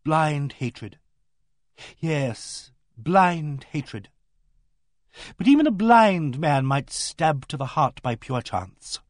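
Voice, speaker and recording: A man's voice: on the high side, very animated, extremely slow, dry recording, clean studio sound, full character voice. A man voicing a vague but blunt vicar's wife who speaks frankly and thoughtfully. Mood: ominous. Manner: frank, musing, unembarrassed.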